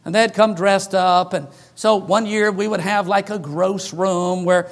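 High-voiced man preaching a story sermon. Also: unhurried. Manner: animated, acts out quoted voices. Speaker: pastor.

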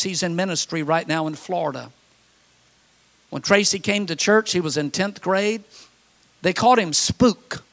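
A middle-aged male pastor preaching a sermon, telling stories and acting out quotes with dramatic pauses. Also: high voice, a bit bright.

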